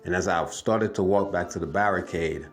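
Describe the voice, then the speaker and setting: Deep-voiced man rambling through a story. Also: steady tone, moderate pace, soft background music. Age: adult, has wife and kids. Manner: rambling, repeats himself, addresses viewers as family. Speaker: vlogger telling a dream. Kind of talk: casual storytelling.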